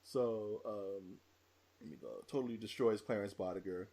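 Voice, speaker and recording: A man's voice: fairly low pitch, moderate pace. A man hosting a podcast, retelling movie scenes in casual chat and acting out lines as he goes. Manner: animated, acts out movie lines mid-story. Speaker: podcast host.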